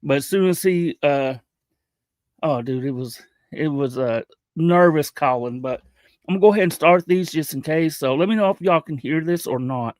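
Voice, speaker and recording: A man casually chatting to viewers on a livestream, halting and loose in how he talks. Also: on the high side, no room sound.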